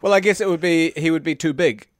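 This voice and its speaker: A man co-hosting a casual, comedic podcast chat with deadpan, dry wit. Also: on the high side, fast talker, no echo. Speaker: podcast co-host.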